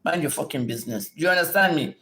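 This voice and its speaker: A woman's voice: deep voice, animated, fast talker, sharp tone. A middle-aged woman from Nigeria, hosting a livestream and scolding her viewers in a combative, profane manner. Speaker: livestream host answering viewers. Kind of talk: livestream rant and Q&A.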